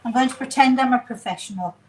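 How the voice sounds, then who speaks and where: A woman's voice: high-pitched, fast talker, a little mellow, slight background noise, poor audio. English lady chatting while she cooks in her kitchen, rambly, pokes fun at herself, faint dish clinks behind. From England. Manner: chatty, rambling, self-deprecating asides. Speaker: cooking show host. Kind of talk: casual home cooking demonstration. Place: home kitchen.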